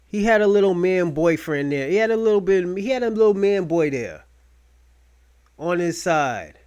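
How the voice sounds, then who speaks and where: A man hosting a podcast, talking in loud, rambling, mocking rants full of profanity. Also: high voice, animated, moderate pace, clear, resonant tone, highs cut off. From United States. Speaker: podcast host. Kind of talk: profane casual commentary.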